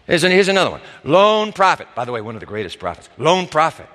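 Male pastor, high bright voice, lively dramatic sermon delivery, echoing church hall. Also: quick pace. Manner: dramatic, acts out quoted voices. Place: church sanctuary. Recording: reverberant hall.

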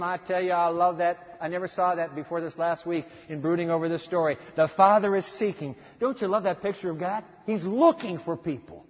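A man preaching a sermon, telling a Bible story dramatically, moving from hushed lines to loud, emphatic ones. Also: on the high side, fairly quick, few pauses. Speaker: pastor. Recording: muffled recording with long hall reverb.

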